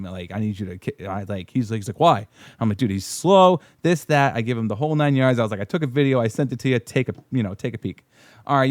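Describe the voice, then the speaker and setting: A man's voice: medium pitch, darkish tone, no echo, studio quality. Rambling man telling a story. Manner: rambling, swearing, laughing while telling; acts out quoted voices. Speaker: podcast guest telling a story. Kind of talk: casual storytelling. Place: podcast studio.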